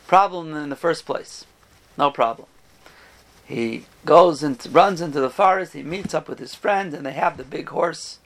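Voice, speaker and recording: High-voiced man telling a parable. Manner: animated storyteller, voices the characters. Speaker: rabbi giving a Torah talk. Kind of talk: storytelling sermon.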